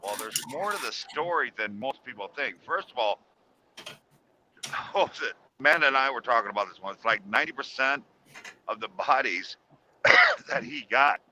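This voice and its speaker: A middle-aged man telling a ghost story on a call in a casual, rambling way with halting restarts. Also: mid-range voice, lively intonation, pushed and bright, a little hiss or hum, rough recording.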